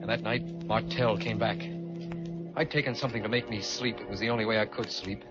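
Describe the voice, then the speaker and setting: A man's voice: fairly low pitch, fairly even intonation, fairly quick. Guy telling a spooky old radio story, tense and haunted, muffled with music behind. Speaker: narrator and lead. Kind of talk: old-time radio drama narration.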